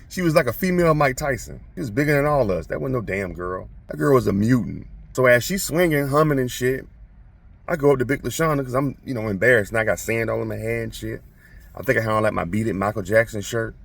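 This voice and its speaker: A man casually telling a childhood story to his viewers, animated, profane and self-mocking. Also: mid-range voice, vocal fry, slightly rough, distant mic.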